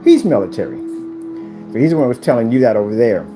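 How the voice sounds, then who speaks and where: This man talks fast with a warm tone, a medium pitch, and big swings in pitch. As a channel host in a ranting commentary video, he confronts, taunts, and repeats himself, recorded in an echoey room with music behind him.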